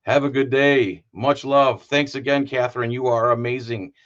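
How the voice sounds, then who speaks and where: A man's voice: mid-range voice, steady tone, moderate pace, a bit bright, muffled recording. A man hosting a live stream, rambling and cracking jokes as he signs off. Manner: rambling and joking, many fillers. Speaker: livestream host. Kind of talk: casual live-stream sign-off.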